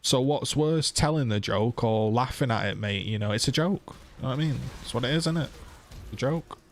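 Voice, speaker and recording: A man's voice: mid-range voice, a little fast, slight background noise. A man streamer ranting heatedly to his viewers, swearing and firing off rhetorical questions. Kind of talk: casual live-stream rant.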